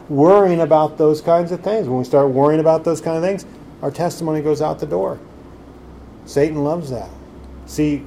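A man's voice: a little high, dark tone, a little hiss or hum. A man preaching a sermon in a conversational way, full of rhetorical questions. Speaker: pastor.

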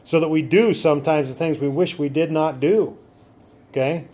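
A man's voice: on the high side, normal speed, warm tone. Man preaching a sermon, rhetorical questions. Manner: asks the congregation rhetorical questions. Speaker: pastor.

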